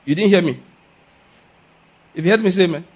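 A man's voice: high voice, brisk, slightly rough. A man preaching a sermon as a pastor, pressing his points with repeated questions to the congregation. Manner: emphatic, drills points with call-and-response questions.

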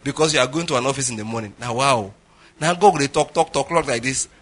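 A man's voice: mid-range voice, fast, a bit bright. A middle-aged man preaching a sermon, telling stories with jokes and Pidgin asides. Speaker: pastor.

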